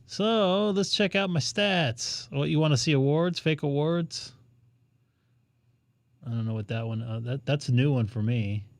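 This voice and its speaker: A man's voice: a little high, measured pace, no echo. Joking man hosting a ham radio stream. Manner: joking, rambling, thinks aloud while browsing. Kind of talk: casual live-stream chat.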